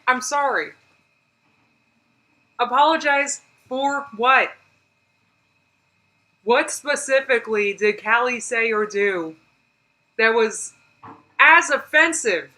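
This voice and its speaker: A woman's voice: a little high, pushed and bright, low-quality recording. A woman streaming a live reaction, exasperated and talking back to a clip, laughing often and reading viewer comments aloud. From United States. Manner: exasperated, talks back to the clip, demands evidence.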